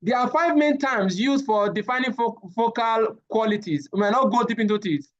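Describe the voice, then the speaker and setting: A man, giving a live safety training lecture, animated and often repeating his words as he addresses the class. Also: extremely high pitch, normal speed, highs cut off.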